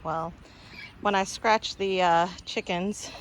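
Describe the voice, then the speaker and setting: A woman's voice: medium pitch, steady tone, takes it slowly, a little hiss or hum. A woman homesteader casually vlogging outdoors at a chicken coop, chatty and laughing, cooing at her animals. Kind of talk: casual vlog narration.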